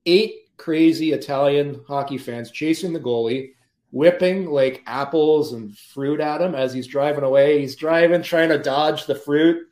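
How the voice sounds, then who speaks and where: A man, a former pro hockey player, telling lively anecdotes as a podcast guest and often laughing mid-story. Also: on the high side, unhurried. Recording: roomy echo.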